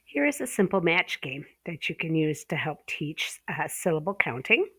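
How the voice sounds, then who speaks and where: Low-pitched woman, ESL pronunciation instructor, casual teaching talk, dry close sound. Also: very animated, a bit bright, husky, no room sound. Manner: casual, fillers, drawn-out example words.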